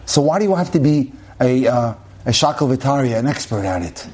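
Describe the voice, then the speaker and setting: Here a man of medium pitch speaks a little fast, expressively, with a slightly mellow tone. His sermon-like talk on marriage is emphatic, circling back on phrases and asking rhetorical questions.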